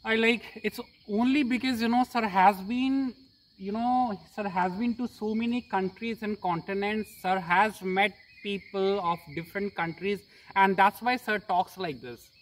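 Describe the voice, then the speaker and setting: An English teacher in an interview, speaking in a measured, explanatory way and addressing the guest respectfully as "sir". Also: mid-range voice, fairly even intonation, recorded from a distance, poor audio. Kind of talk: reflective interview talk.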